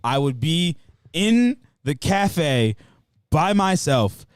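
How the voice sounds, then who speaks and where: A man co-hosting a casual podcast, telling lively stories, acting out the people he quotes and laughing often. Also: fairly high pitch, very slow, clean tone, no echo, clean studio sound. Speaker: podcast co-host. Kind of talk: casual chat.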